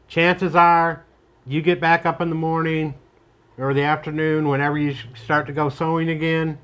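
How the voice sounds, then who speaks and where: Calm man giving plain advice, pitched a bit high. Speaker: co-host, machine technician. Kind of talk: casual chat.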